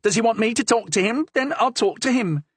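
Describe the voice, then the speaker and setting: Cheeky Languedoc young woman, voiced by a male narrator, fast retorts, no fear. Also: animated, slightly rough, no echo. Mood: bold. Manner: high, bold, talks back. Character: feisty young woman, sharp-tongued, fearless.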